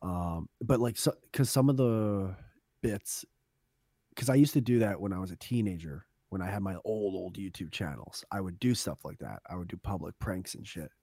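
A man's voice: deep voice, normal speed, dark tone, slightly rough, no room sound, studio quality. A young man co-hosting a casual podcast, telling rambling stories full of swearing and laughter. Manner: rambling storyteller, swears a lot, laughs often. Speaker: podcast co-host. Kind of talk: casual chat.

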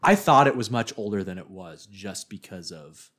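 A man's voice: on the low side, lively intonation, moderate pace, fairly bright tone. Rambly man co-hosting a podcast. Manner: rambling, lots of "like" fillers. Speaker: podcast co-host. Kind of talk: casual chat.

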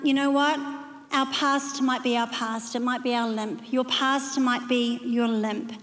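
A woman delivers a sermon with a high, bright voice, leaning hard into emphasis and acting out the quoted lines. Her voice rings through a large hall with a long, trailing reverb. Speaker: preacher.

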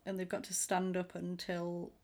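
A woman's voice: fairly low pitch, moderate pace. Chatty woman. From England. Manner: chatty, retells scenes with lively quoted voices. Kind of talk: casual chat.

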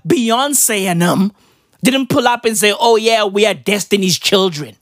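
A woman delivering a profane comedic rant, firing off rapid rhetorical questions and swinging between low mutters and high squeals. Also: lively intonation, no echo, studio quality.

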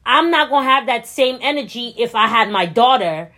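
A young adult woman co-hosting a casual podcast chat, talking bluntly and animatedly and breaking into high laughter. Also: animated, normal speed, sharp tone. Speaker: podcast co-host.

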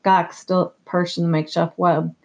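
An audiobook narrator reads in a steady, measured way, his gravelly voice set at a middling pitch. The audio sounds slightly dull and muffled, like a modest home recording.

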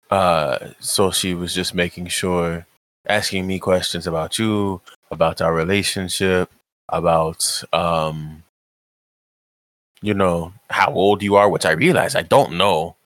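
A man speaking in character in a tabletop role-play game, stammering and repeating words, with lively jumps in pitch. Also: slow pace, pauses often, dry recording. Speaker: player.

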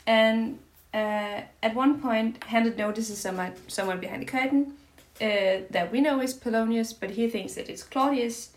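A woman's voice: a little high, moderate pace, few pauses. A woman co-hosting a podcast in casual chat, giggly and full of fillers. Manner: giggly, chatty, many fillers like "like" and "uh". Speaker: podcast co-host.

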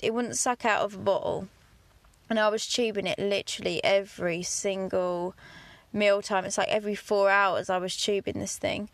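A woman from England hosting a podcast, talking candidly about her farm work in a chatty, down-to-earth way with lively asides. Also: on the high side, no room sound. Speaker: podcast host, farmer. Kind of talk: casual monologue.

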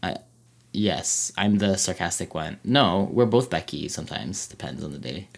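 Guy with a really low voice, casual podcast chat, lots of ums and likes. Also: animated, normal speed, vocal fry. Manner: hesitant, lots of fillers. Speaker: podcast co-host.

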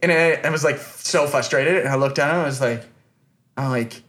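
A podcast host tells a long, meandering story in a casual chat, full of fillers and restarts. His voice is mid-range and fairly bright, and he talks a little fast.

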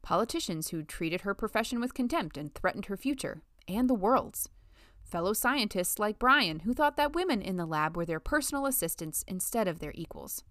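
Measured woman narrating a novel. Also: medium pitch, animated, a bit bright, no room sound, clean studio sound. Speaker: audiobook narrator. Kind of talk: scripted narration.

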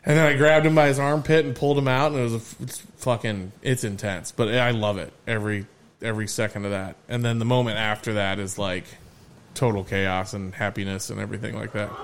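A man hosting a podcast, telling stories in a lively, casual way and swearing freely. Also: fairly low pitch, fairly quick. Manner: animated storyteller, swears freely. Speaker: podcast host.

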